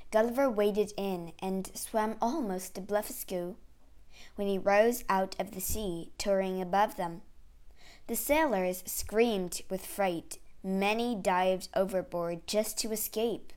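A woman reading a children's storybook aloud, clear and expressive. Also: mid-range voice, measured pace.

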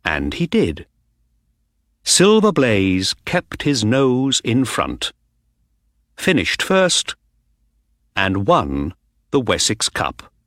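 Man narrating a slow clear audiobook. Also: mid-range voice, wildly swooping pitch, fairly bright tone, no echo, studio quality. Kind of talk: scripted narration of a graded reader.

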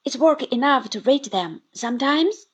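A woman reading the part of a calm, composed young man who answers mildly and cheerfully. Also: high-pitched, normal speed, husky. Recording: dull lo-fi recording.

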